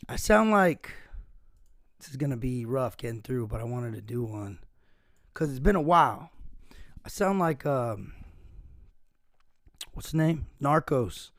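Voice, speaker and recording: A man with a hoarse, raspy voice hosting a casual solo podcast, rambling and self-mocking and saying "dude" a lot. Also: medium pitch, sing-song, unhurried, pauses often, a bit bright, no echo, clean studio sound. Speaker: podcast host.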